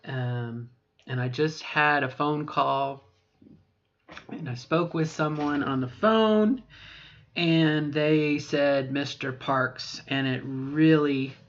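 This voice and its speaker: In her unaltered low voice, slow-paced and fairly even in intonation, a middle-aged trans woman rambles through a voice training vlog. She hesitates and corrects herself often, and the recording sounds dull and lo-fi.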